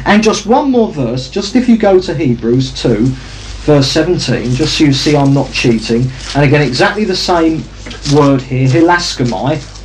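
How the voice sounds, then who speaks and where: A man's voice: fairly high pitch, a little hiss or hum, rough recording. A man preaching a sermon, teaching carefully and asking his listeners questions as he goes. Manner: teaching, asks the audience questions.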